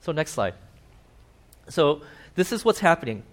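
A man giving a casual sermon with slides, animated, asking his listeners questions and acting out little voices. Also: fairly high pitch, unhurried. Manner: animated, acts out voices, asks the audience questions. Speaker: preacher.

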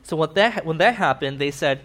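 A man giving a casual sermon with slides, animated, asking his listeners questions and acting out little voices. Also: fairly high pitch, fairly quick. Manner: animated, acts out voices, asks the audience questions. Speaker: preacher.

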